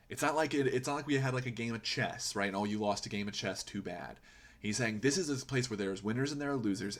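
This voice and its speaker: Low husky-voiced man discussing poetry. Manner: earnest, emphatic, asks rhetorical "right?". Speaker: poetry podcast host. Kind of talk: reflective commentary on a poem.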